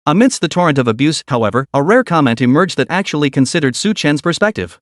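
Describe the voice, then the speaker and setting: A man's voice: a little high, very animated, quick pace, hardly any pauses, no echo, studio quality. A man reading a dramatic story in scripted narration.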